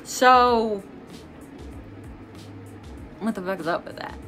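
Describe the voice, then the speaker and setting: A woman's voice: medium pitch, takes it slowly, fairly bright tone, soft background music. A young woman vlogger in casual get-ready-with-me chat, angry, heated and swearing as she rants.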